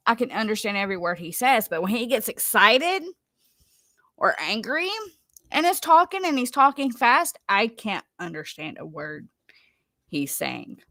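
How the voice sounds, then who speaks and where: A woman's voice: a little high, lively intonation, unhurried, long pauses, bright, forceful tone, no echo. A woman hosting a live stream, chatting casually with viewers in a rambling, chatty way. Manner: rambling, chatty, laughs easily.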